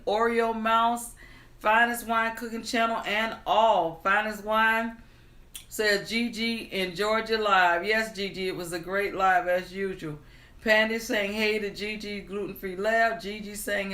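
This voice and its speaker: A woman hosting a live stream, greeting viewers, reading their comments aloud in an unhurried, friendly way, then starting a storybook tale. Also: medium pitch, fairly bright tone, reverberant. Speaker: livestream storyteller host.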